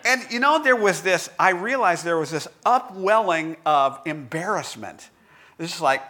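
A man giving a conversational devotional talk in a candid, self-deprecating storytelling manner, with halting restarts. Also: sits high, big pitch swings, pushed and bright. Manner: halting restarts and filler words.

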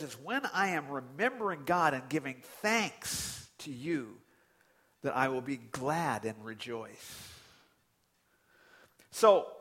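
A man preaching a sermon as pastor, animated and conversational, with sudden loud outbursts. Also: mid-range voice.

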